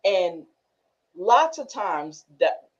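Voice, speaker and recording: A woman from the northern United States hosts a casual group discussion as the class host, telling stories animatedly and laughing often. Her mid-range voice is very animated but extremely slow. The recording is muffled and lo-fi.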